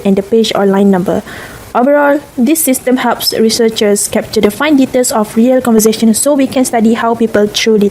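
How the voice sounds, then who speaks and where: A woman's voice: a little high, darkish tone, a little hiss or hum. A young woman from Malaysia, a university student, explaining terms in a class presentation. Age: young adult.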